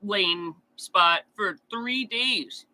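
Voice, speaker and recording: High, very bright ranting man. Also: very slow, rough recording. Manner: profane, ranting, blunt. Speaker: true crime streamer answering chat. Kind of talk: casual livestream chat.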